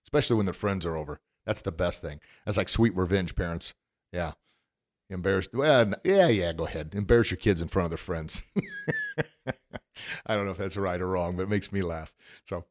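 A middle-aged man hosting a motivational podcast, standing at a studio microphone and talking with animated emotion, often laughing at himself. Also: on the low side. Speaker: podcast host. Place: recording studio.

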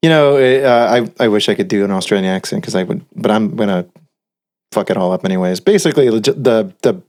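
A man's voice: on the low side, fairly quick, darkish tone. Laid-back man telling a story. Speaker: podcast co-host. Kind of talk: casual chat.

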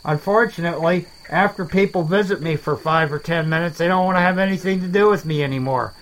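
A man voicing a rambling, self-deprecating alligator in a swamp, talking in halting starts in a comedy dialogue. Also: a little high, fairly bright tone, natural voice, poor audio. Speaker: main character of a comedy podcast.

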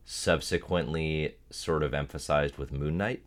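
Male podcast host, very deep voice, rambling questions. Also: steady tone. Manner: halting, filler-heavy questions. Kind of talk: casual interview questions.

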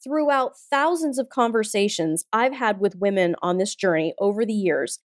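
A woman in her forties, mid-range in pitch and moderate in pace, hosts a motivational podcast. She's emphatic, blunt and punchy, and swears a lot. Dry studio sound, faint music underneath.

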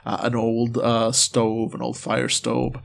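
Halting man narrating as game master. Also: medium pitch, completely flat delivery, vocal fry, slight background noise. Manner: rambling, halting narration with many fillers.

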